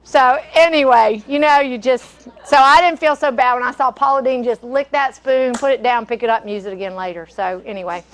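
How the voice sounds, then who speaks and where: Middle-aged woman, chatty cooking-class teacher, high-pitched, rambling storyteller who laughs easily. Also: brisk, hardly any pauses. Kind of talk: live cooking demonstration with stories.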